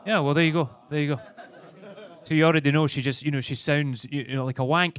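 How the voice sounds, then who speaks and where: A man's voice: a little high, steady tone, quick pace, clean tone. A young Scottish man performing a rambling stand-up set on a comedy club stage, often stammering and restarting. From Scotland.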